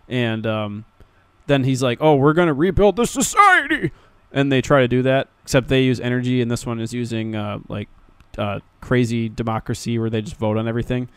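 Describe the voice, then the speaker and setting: Dude on an anime podcast, smooth clear voice, dry close mic, rambly and jokey. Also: male voice, medium pitch, no room sound. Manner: joking, rambling, laughs often. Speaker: podcast co-host. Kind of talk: casual review chat.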